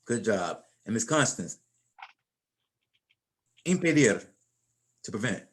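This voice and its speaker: A man's voice: on the low side, very animated, slow. A middle-aged man teaching a Spanish class in an informal, folksy way, often repeating and restarting his words.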